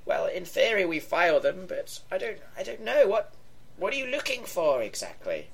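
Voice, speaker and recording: A man voicing a tired, fussy old woman, soft and hesitant. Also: sits high, sing-song, normal speed, creaky, husky, pitched above the performer's own voice, heavily acted. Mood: flustered.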